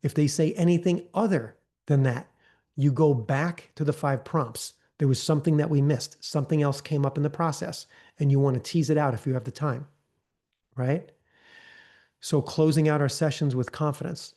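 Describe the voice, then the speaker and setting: A man leading a live training session, talking casually and often checking in with "right?", acting out gentle counselor prompts in a softer voice. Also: fairly high pitch, fairly even intonation, normal speed. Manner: conversational, often tags lines with "right?". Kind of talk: live online training talk.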